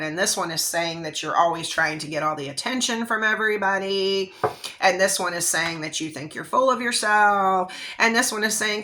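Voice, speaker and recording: A woman's voice: fairly low pitch, lively intonation, normal speed, sharp tone. A woman tarot reader giving a casual psychic reading, talking in a rambling, conversational way with frequent check-ins and fillers.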